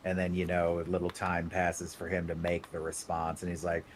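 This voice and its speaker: Man, low voice, deadpan storyteller, faint background noise. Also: normal speed. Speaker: co-host of a reaction stream. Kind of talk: casual banter.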